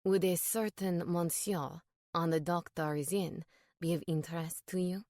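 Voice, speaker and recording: Woman playing a French man, thick French accent, teasing, unhurried, dry close sound. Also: lowish voice, fairly even intonation, darkish tone, no room sound. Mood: smooth, sly. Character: charming French male paparazzo, smooth, teasing.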